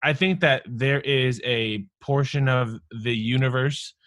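A man in his thirties talks in a casual, earnest way, drawing out his thoughts in long reflective phrases. His voice sits at an ordinary middle pitch. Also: fairly even intonation, unhurried, fairly bright tone, no room sound, clean studio sound. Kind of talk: casual chat.

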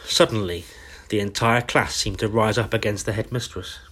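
A man reading a bedtime story aloud, slow and tender. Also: on the low side, steady tone, fairly bright tone, breathy edge.

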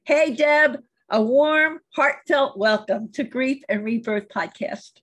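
A woman hosting a podcast, reading a scripted introduction and asking interview questions in an earnest, measured way. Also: high-pitched, fairly bright tone. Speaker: podcast host.

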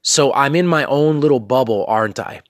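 A man's voice: mid-range voice, normal speed, no echo, studio quality. A man in his thirties hosting a podcast from his bedroom, talking candidly and directly to his listeners with frequent asides. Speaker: podcast host. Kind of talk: casual motivational monologue.

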